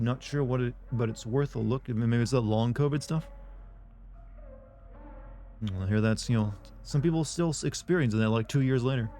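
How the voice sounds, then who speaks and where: A man chatting to his viewers during a live game stream. He rambles in an offhand, loose way, swears often and restarts his sentences. His voice sits at an ordinary middle pitch, and faint game music plays behind him. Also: warm tone. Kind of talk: casual chat with viewers while streaming a game.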